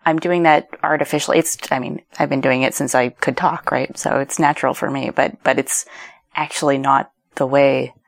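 A woman guest on a casual podcast, talking about speech technology in a halting, self-correcting way. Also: extremely low pitch, fairly even intonation, vocal fry.

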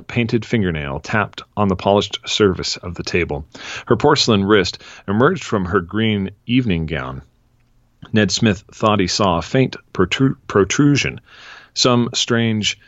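A man hosting a podcast, chatting and reading a story excerpt aloud in a steady, measured way. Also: on the low side, no room sound, highs cut off. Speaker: podcast host. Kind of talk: casual chat and reading aloud.

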